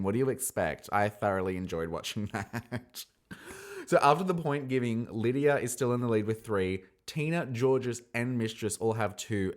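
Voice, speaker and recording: A man talks through a reality show episode in a casual solo podcast, playful and animated. His pitch swings widely as he acts out quotes in shifting voices.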